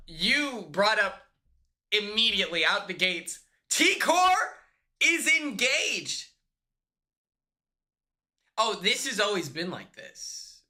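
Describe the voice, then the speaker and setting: A man's voice: high-pitched, sharp tone. A man live-streaming from a hotel room, chatting casually with viewers, swearing and laughing, breaking into shrieks when retelling a story.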